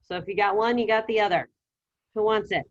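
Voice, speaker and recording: A woman teaching an online language class, giving brisk, upbeat coaching over a video call. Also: medium pitch, lo-fi sound. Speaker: Spanish teacher.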